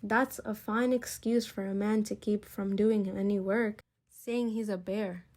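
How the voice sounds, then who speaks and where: A woman's voice: mid-range voice, steady tone, measured pace, darkish tone, natural voice. A woman voicing a bossy, angry male foreman in a storybook, scolding sharply.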